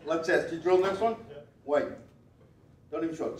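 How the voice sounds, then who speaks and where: A man with a fairly high voice runs a playful stage act, teasing volunteers and repeating short commands in a steady rhythm. His voice rings through a large, echoing hall. The mic catches him from some way off. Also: fairly quick, pauses often. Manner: playful, teasing, wry asides. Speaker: stage performer reading body language. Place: event hall at a gala. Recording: roomy hall, voice picked up from a distance.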